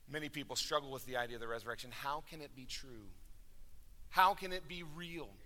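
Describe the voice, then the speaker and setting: A man preaching a sermon, swinging from loud declarations to hushed, low endings. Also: fairly quick. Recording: reverberant hall.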